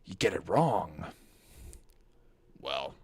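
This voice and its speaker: A man voicing a sultry, menacing male riddle villain in a breathy whispered role-play. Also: low-pitched, big pitch swings, extremely slow, background noise, pitched below the performer's own voice, heavily acted.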